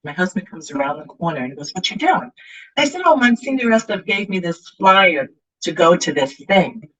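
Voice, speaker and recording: Middle-aged woman telling her story, husky voice. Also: lowish voice, fairly quick. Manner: animated, acts out quoted voices. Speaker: guest author. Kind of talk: personal storytelling. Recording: muffled, lo-fi sound.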